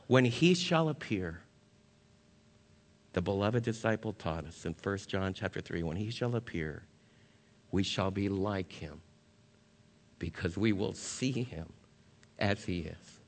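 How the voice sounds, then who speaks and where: A man's voice: deep voice, unhurried, long reverb tail. A male pastor preaching a sermon, earnest, reading scripture aloud to his congregation. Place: church sanctuary.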